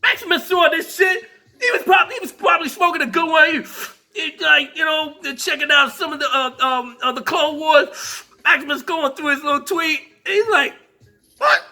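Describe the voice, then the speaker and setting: A male vlogger hosting his own show in an animated, profane, laughing rant. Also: extremely high pitch, brisk. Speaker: vlogger host. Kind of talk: casual rant.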